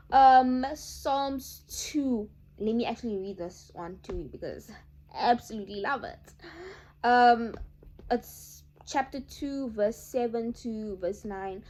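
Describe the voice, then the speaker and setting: A woman's voice: on the high side, slight background noise. Emphatic young woman vlogger. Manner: emphatic, animated, addresses viewers as guys. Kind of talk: casual chat to camera.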